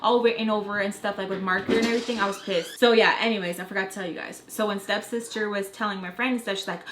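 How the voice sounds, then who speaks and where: A young woman vlogger telling a casual story in an animated, profane, rambling way. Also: medium pitch, fast, soft background music. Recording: echoey room, faint noise.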